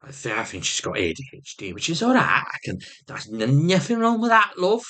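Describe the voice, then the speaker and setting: A man's voice: fairly high pitch, wildly swooping pitch, a little fast, pushed and bright. A man vlogging with rambling personal storytelling, swearing constantly and restarting often.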